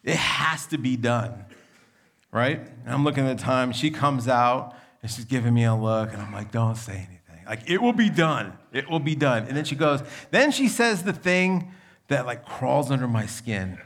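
A young adult male pastor preaching a sermon in a conversational, storytelling manner, with a gravelly voice. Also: medium pitch, expressive, normal speed, fairly bright tone.

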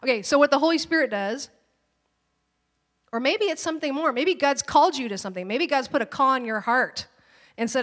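Female pastor, 30s, fairly high voice, animated and chatty, acts out quoted voices, long church-hall reverb. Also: brisk, long pauses. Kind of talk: sermon with personal stories.

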